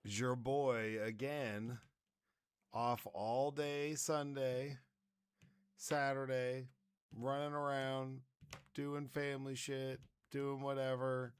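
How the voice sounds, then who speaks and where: A man hosting a podcast, chatting in a laid-back, drawn-out way. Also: mid-range voice, flat delivery, clean tone, dry recording. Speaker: podcast host. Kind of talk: casual podcast chat.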